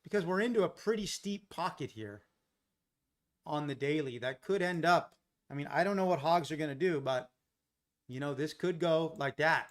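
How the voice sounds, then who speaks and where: A man's voice: fairly high pitch, normal speed. An American man from Los Angeles hosting a live trading stream, chatting casually, thinking aloud and answering viewers in the chat. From Los Angeles, USA.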